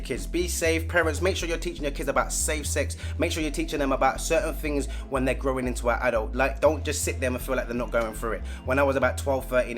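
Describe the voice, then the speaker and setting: Loud slangy London man telling a story. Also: medium pitch. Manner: animated London street slang, loud and playful. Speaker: vlogger. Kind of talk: comic storytime monologue.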